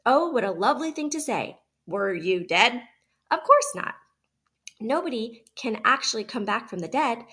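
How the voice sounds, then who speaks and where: A dramatic female opossum who loves to perform, all gushing and theatrical flair, as a woman reading a storybook puts her on. Her voice sits somewhat high. She talks like every line is a stage moment. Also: lively intonation, normal speed, bright, forceful tone, breathy edge, heavily acted. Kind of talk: read-aloud storybook.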